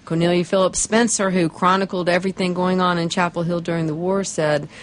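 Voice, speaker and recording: A woman's voice: on the low side, fairly even intonation, fairly quick. A woman author answering interview questions, often repeating words as she thinks. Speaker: author and guest. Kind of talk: radio interview.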